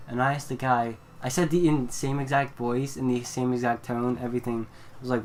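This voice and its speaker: A man's voice: mid-range voice, level tone, brisk. A young man co-hosting a casual chat, blunt and laid-back as he tells a work story. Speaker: co-host. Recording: faint background noise.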